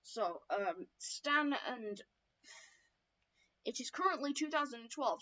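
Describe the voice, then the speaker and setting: A bright, forceful mid-range voice belongs to a young woman casually relating her own story lore. She curses often and rambles through many fillers and self-corrections, and the lo-fi recording is dull.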